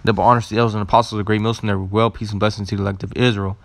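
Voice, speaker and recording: A man with a low voice teaching scripture. He works through words slowly and deliberately, repeating them, and drops in relaxed asides as he goes. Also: dry recording. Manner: casual asides with "all right" and "man". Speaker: religious teacher. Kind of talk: scripture teaching and word study.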